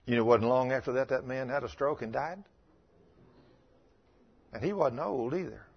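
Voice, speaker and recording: A man's voice: mid-range voice, moderate pace, creaky, husky, dull audio. A man preaching a sermon as pastor, telling folksy stories and building to emphatic scolding.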